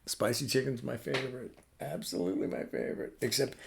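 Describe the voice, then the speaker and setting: This middle-aged cartoonist streams live from the drawing room of his home, chatting casually, rambling, and swearing freely with lots of fillers. His medium-pitched voice is brisk and creaky, with few pauses and a little hiss or hum in the background.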